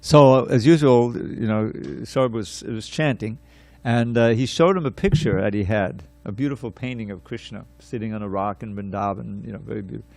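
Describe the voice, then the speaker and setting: A man giving a scripture class, telling a story in an animated way, repeating words and restarting his sentences. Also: fairly low pitch, fairly quick, gravelly, few pauses, no echo.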